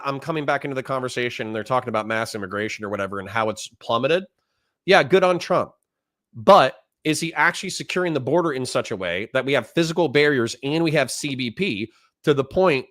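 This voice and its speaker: A man's voice: medium pitch, fairly bright tone, no room sound, clean studio sound. A man hosting a political livestream, ranting in a heated, indignant way, swearing often and then apologizing while he reads chat messages aloud. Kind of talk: casual livestream commentary.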